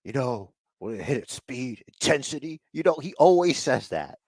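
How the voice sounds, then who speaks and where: An excitable man co-hosting a wrestling podcast, his mid-pitched voice swooping up and down as he riffs. He laughs often and slips into quoted voices. The sound is close and dry. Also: normal speed, no room sound. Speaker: podcast co-host. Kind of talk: casual wrestling chat.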